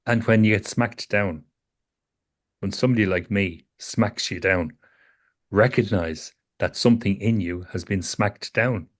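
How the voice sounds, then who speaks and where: Male therapist, low voice, calm and probing, repeats his questions. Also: unhurried. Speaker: psychotherapist. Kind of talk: therapy session conversation.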